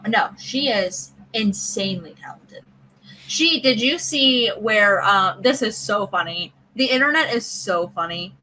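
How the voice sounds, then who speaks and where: A woman from the American South hosting a podcast, chatting casually and telling stories with lively voice play. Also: mid-range voice, slight background noise, low-quality recording. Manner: chatty, animated storytelling with voice play. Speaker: podcast host. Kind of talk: casual chat.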